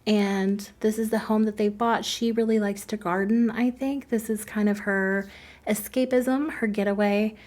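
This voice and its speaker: A woman's voice: medium pitch, fairly even intonation, measured pace, a little mellow. A woman talking casually over her own game-building footage, chatty and self-deprecating, laughing often between thoughts. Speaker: game build video creator.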